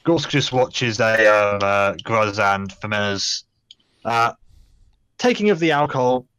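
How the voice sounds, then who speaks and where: A young man narrating as game master in a tabletop game, talking haltingly with many fillers. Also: fairly low pitch, animated, sharp tone, clear, resonant tone, no echo.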